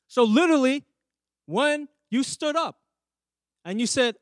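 A man's voice: extremely high pitch, normal speed, dry recording. A man who is a pastor, preaching a sermon and often asking the congregation questions. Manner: emphatic, asks the congregation questions. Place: church.

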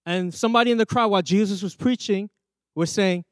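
High-voiced preaching man, dry sound. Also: moderate pace, dry recording. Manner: emphatic, asks the congregation questions. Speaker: pastor. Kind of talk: sermon. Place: church.

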